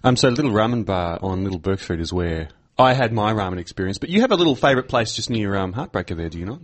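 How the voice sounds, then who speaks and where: A man co-hosting a radio show, answering in a low, dry and laid-back way. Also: animated, quick pace. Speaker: radio co-host. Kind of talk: casual radio chat. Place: radio studio.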